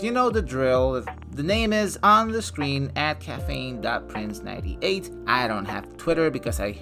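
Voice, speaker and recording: A man's voice: fairly high pitch, fairly bright tone. A young man giving a loose, profane spoken movie review as a channel host, full of filler words.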